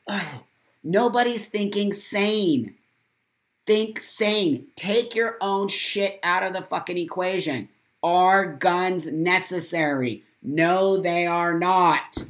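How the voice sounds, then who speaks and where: A man's voice: on the high side, fairly bright tone. An American man hosting a morning live stream, angry and saddened, talking with blunt, profane, repetitive emphasis while reading out viewer comments. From United States. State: upset and saddened.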